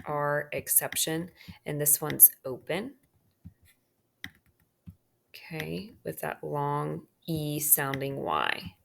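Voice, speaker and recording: A woman's voice: deep voice, animated, drawn-out words, vocal fry, pauses often, a bit bright, slight background noise. A woman teacher walking students through a phonics worksheet, often checking in with "okay?" as she marks words. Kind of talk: phonics lesson walkthrough.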